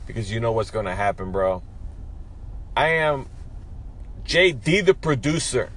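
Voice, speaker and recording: Deep-voiced joking male caller. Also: a little hiss or hum. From New Jersey. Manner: joking, hyped, goofy. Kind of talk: casual voice message.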